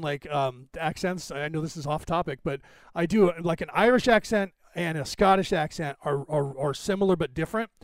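Rambling American man, higher voice. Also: darkish tone, no echo. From United States. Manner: rambling, many fillers and restarts. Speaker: podcast host. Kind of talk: casual commentary.

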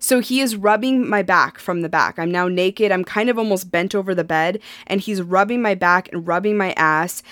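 A woman's voice: on the low side, moderate pace, few pauses, a bit bright, dry recording. Frank, chatty woman telling a story. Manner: frank, laughing often, lots of "like" fillers. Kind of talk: candid casual storytelling.

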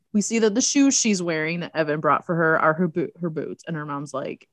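A woman's voice: fairly low pitch, fast, hardly any pauses, no echo. Sarcastic woman recapping a movie. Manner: sarcastic, acts out quotes in silly voices. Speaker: podcast co-host. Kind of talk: casual chat recapping a movie.

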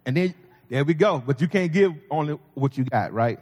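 A man's voice: fairly high pitch, animated, a little fast, darkish tone. A man preaching a sermon as pastor, folksy and conversational with humor. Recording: long reverb of a large hall.

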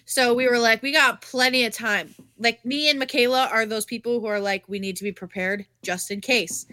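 A young woman with a high, bright voice tells a story in casual podcast chat. She is animated and swears freely. The sound is close and dry, with no room around it. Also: normal speed, no room sound. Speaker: podcast co-host.

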